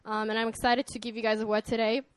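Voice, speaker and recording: A woman's voice: fairly high pitch, flat delivery, fast talker, clean tone. A young woman from Australia with an Australian accent, preaching as a guest pastor in a friendly manner with frequent ums and light laughter. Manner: friendly, laughs often, fillers like um and uh. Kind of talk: sermon.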